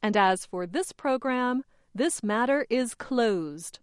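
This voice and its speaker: A woman hosting an English-learning program, reading a scripted lesson slowly and with careful, clear enunciation. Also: a little high, lively intonation, no echo, studio quality. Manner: measured, carefully enunciated delivery. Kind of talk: slow, clearly scripted teaching narration.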